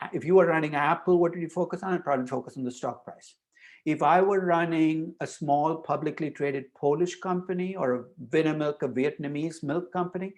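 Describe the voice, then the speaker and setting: An older male professor giving a university lecture, emphatic and animated, often restarting his sentences as he thinks aloud. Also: on the high side.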